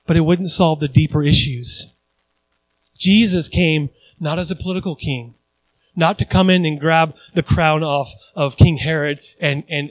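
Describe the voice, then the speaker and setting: A young man preaching a sermon as pastor, chatty at times and building to loud, emphatic stretches. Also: a little high, rough recording. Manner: conversational asides with restarts.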